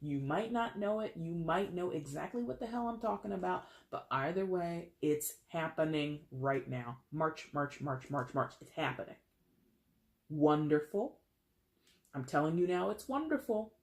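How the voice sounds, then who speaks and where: Excitable tarot reader, direct to the viewer, casual with restarts. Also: medium pitch, measured pace. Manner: excitable, addresses viewer directly, repeats words.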